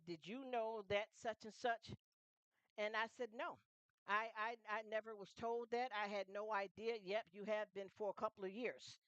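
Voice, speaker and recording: A woman's voice: mid-range voice, a bit bright, dry recording, muffled recording. A middle-aged woman hosting a casual livestream chat, emphatic and repetitive, often asking her audience if they understand. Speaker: livestream host.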